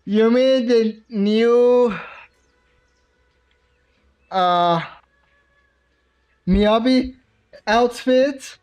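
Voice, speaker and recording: A man's voice: extremely high pitch, extremely slow, pauses often, a little mellow, clear, resonant tone, dull audio. A man from Iran with a Persian accent, his first language being Persian, chatting casually with his chat on a game livestream, laughing often and bantering playfully. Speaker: streamer.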